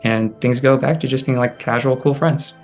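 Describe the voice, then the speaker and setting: A young American man from California telling his personal story of surviving abuse, soft-spoken and halting, with many fillers. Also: medium pitch, fairly even intonation, soft background music. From California, USA. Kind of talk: personal testimony to camera.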